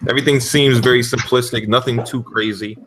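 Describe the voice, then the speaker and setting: A man on a gaming podcast telling animated stories in casual talk, with frequent cursing and loud outbursts. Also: medium pitch, fairly quick, background noise. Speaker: podcast panelist.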